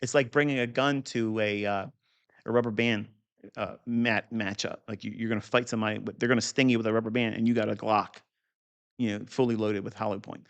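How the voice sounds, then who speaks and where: A man's voice: fairly low pitch, steady tone, brisk. A man teaching trading setups off a chart in an unscripted, blunt and profane way, with boastful asides. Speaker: trading educator.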